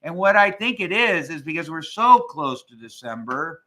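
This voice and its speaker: A wisecracking man trades jokes on a live show. His voice sits high and bright and swoops through a wide range as he talks. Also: big pitch swings, moderate pace. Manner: jokey, wisecracking. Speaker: podcast co-host. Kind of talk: casual live-stream banter.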